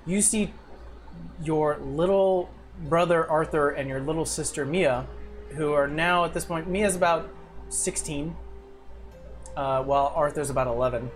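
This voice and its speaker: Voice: medium pitch, faint music behind. Casual tabletop game master narrating. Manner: casual, halting with fillers.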